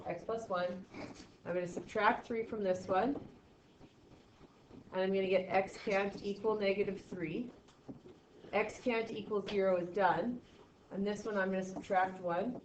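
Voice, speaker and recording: In echoey, distant, dull classroom audio with a little hiss or hum, a woman of medium pitch gives a math lecture. She talks through each step out loud, adding playful, sarcastic remarks aimed at her students.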